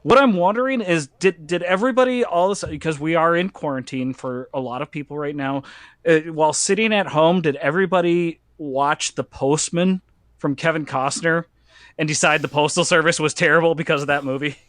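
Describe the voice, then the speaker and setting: A man with a slightly high voice hosts a casual podcast, talking in animated, joking bursts that tumble over restarts. The sound is dry and close, with no room around it. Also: brisk, dry recording. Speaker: podcast host.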